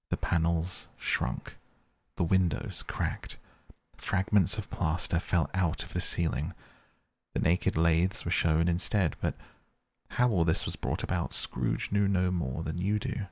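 Deep slow-reading man with gravelly voice. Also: no room sound. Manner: soft, slow, soothing. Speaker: podcast reader. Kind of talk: sleep-story narration.

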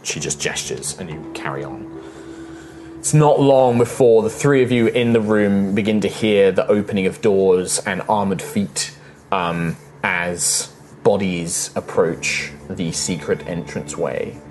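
A man's voice: low voice, a little slow, a little mellow, a little hiss or hum. A man narrating a tabletop game as game master, in loose, filler-heavy speech.

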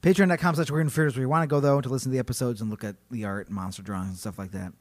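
A man's voice: mid-range voice, fairly even intonation, rapid-fire. A man co-hosting a podcast, chatting casually and joking playfully. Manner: joking, playful, goofy voices. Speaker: podcast co-host. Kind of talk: casual comedic chat.

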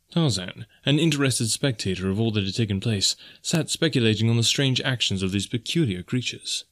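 A male audiobook narrator telling an adventure story. His voice sits low, and he keeps a measured, even storytelling pace.

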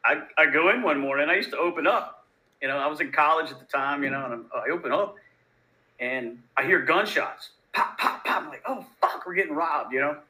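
A man from Louisiana, a bartender guest telling profane, animated stories in a casual interview. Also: a little high, brisk, poor audio. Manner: profane, animated, laid-back. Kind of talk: casual storytelling.

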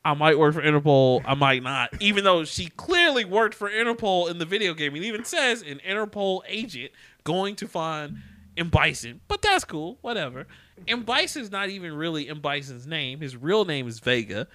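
A man co-hosting a podcast in casual chat, animated and quick to laugh as he rants about bad movies. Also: fairly high pitch, no room sound. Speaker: podcast co-host.

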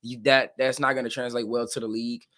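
A man's voice: medium pitch, flat delivery, quick pace, pushed and bright. A man co-hosting a casual sports podcast, blunt and emphatic, often repeating words as he makes his case. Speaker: co-host.

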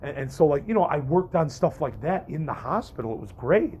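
His voice sits fairly high, swings widely in pitch, and has a darkish tone at a brisk pace, with slight background noise. The young man, a vlogger and podcaster, talks candidly and profanely to his viewers in a rambling way, full of fillers and sentence restarts.

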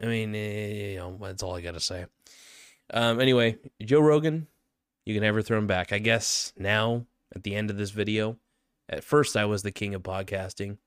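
A man's voice: lowish voice, fairly even intonation, normal speed, smooth, no echo, studio quality. A young man hosting his own podcast, rambling through a joking, self-mocking monologue full of fillers. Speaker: podcast host.

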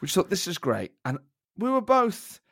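A man with a fairly high, very lively voice tells a story on a podcast with self-mocking humour. He is from Nottingham, England, and chats casually with his co-host. The sound is close and dry. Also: moderate pace, vocal fry, dry recording. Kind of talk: casual chat.

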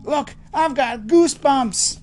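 A woman doing an excitable boy hero. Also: high-pitched, takes it slowly, soft background music, pitched above the performer's own voice. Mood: excited.

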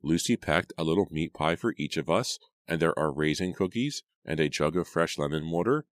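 A man's voice: lively intonation, normal speed, dry recording, studio quality. A man reading an audiobook, voicing an anxious young woman, the older sister, in a raised and emphatic voice. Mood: cheerful. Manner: raised pitch, fretful and emphatic.

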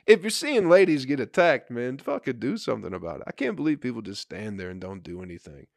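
A man's voice: medium pitch, big pitch swings, fast, gravelly, no echo, studio quality. A young adult man on a profane, rambling comedic rant, full of filler and laughter. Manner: rambling, crude, laughs often.

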